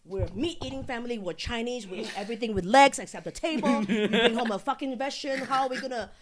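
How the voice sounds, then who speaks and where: A woman's voice: a little high, fast, a crowd in the background, close to an everyday voice. A woman voicing her own mother as a blunt, swearing, indignant parent. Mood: exasperated. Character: exasperated Chinese mother, blunt and funny.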